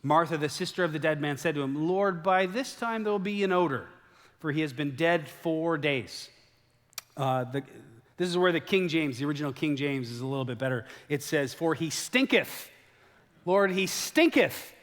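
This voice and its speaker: A man preaching a sermon as a pastor, telling the story in a lively way and acting out the quoted lines. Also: fairly high pitch, normal speed. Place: church sanctuary. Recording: long hall reverb.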